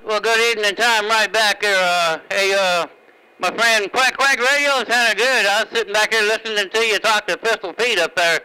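A man's voice: high-pitched, normal speed, sharp tone, a little hiss or hum, rough recording. A man chatting easygoingly on a CB radio channel, trading call signs and radio talk. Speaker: CB radio operator. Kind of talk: CB radio chat. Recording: radio transmission.

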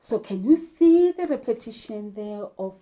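A woman's voice: fairly high pitch, animated, moderate pace, dark tone. A woman teacher from South Africa giving an English literature lesson, emphatic and asking rhetorical questions. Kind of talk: classroom lesson.

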